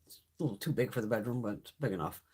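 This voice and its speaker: A woman's voice: very deep voice, rapid-fire, warm tone, slightly rough. A woman hosting a beauty livestream from home, chatting casually in a blunt, profane way while sick. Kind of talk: casual live-stream chat.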